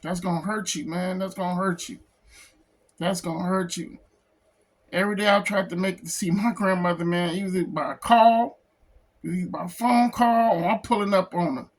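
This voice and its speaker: A man who is a comic book artist, talking in an emotional personal vlog, close to tears, halting and repeating himself. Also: high voice, fairly even intonation. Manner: halting, repeats phrases, says "man" a lot. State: tearful, close to crying.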